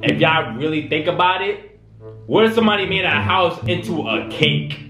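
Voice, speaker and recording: A man casually reacting to videos for his viewers, excitable and slangy, often drawn-out in his amazement. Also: on the high side. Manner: excitable, slangy, talks to viewers, lots of "bro" and "wow". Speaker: YouTube reaction host. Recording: echoey room with music behind.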